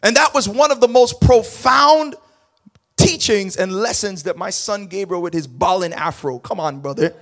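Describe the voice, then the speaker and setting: High-voiced preacher man, animated storytelling. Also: moderate pace, vocal fry. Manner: animated, dramatic storytelling that swings between quiet asides and loud bursts. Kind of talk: sermon storytelling.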